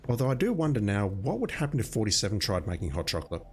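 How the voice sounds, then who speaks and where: A man's voice: on the low side, sing-song, racing. A man with an Australian accent chatting casually with his viewers while playing a game, self-deprecating and talkative. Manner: chatty, self-deprecating, talks to chat by name. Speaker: streamer. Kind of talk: casual gameplay commentary.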